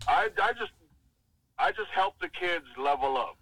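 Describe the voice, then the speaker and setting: Soft-spoken laid-back man. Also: a little high, expressive, a little slow, low-quality recording. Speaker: athletic trainer guest. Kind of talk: casual chat.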